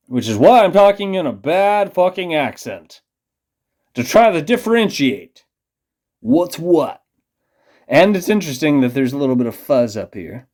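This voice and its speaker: A man's voice: on the high side, big pitch swings, measured pace, darkish tone. A man ranting in a rambling, profane, conspiratorial monologue to camera, a little tipsy from beer. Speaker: vlogger.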